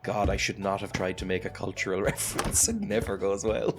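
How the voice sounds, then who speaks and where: A gameplay video creator chats casually over a game with background music playing, rambling and often laughing at his own asides. His voice is on the low side, creaky and animated, at a moderate pace.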